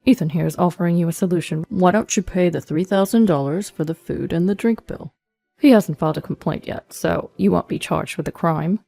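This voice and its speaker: A woman's voice: fairly low pitch, a little fast, gravelly, dark tone, no room sound, soft background music. Woman voicing a stern male police officer.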